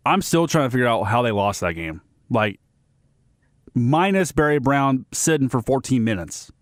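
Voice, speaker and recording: A man's voice: mid-range voice, lively intonation, normal speed, no room sound, studio quality. A man hosting a sports radio segment, giving blunt, ranting opinions and often restarting and repeating himself.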